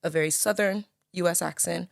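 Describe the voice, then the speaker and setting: A woman's voice: on the low side, steady tone, brisk, gravelly, no echo, studio quality. A young woman from the Bahamas with a light Bahamian accent, chatting as a podcast guest and filling her talk with "like" and "you know". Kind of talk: casual conversation.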